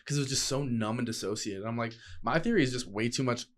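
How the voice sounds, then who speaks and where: A young man, a podcast guest, telling a personal story in a casual, profane, slangy way, animated and acting out other people's voices. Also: mid-range voice, fast.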